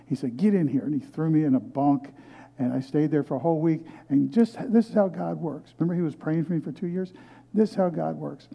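A man's voice: a little high, fairly quick, gravelly, dark tone, slightly rough. Older pastor telling his testimony. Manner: storytelling, earnest, with frequent restarts. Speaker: guest pastor. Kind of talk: sermon testimony. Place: movie theater used as church.

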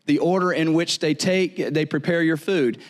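Chatty male pastor, fairly high voice. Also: normal speed. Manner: conversational, jokey, repeats words and asks "right?". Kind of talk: sermon.

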